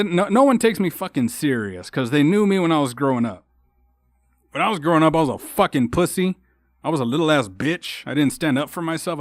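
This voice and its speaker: A man's voice: on the high side, no room sound. A young man from Texas hosting a solo podcast, ranting in a heated, rambling way with constant swearing and restarts. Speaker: podcast host. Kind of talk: casual solo podcast rant.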